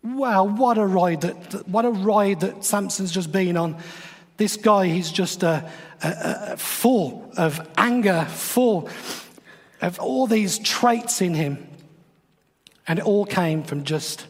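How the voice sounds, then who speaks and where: A man's voice: sits high, slow pace, big-room sound. A man, retelling a Bible story in a chatty, wry way with playful asides, as a podcast host. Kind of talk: casual devotional storytelling.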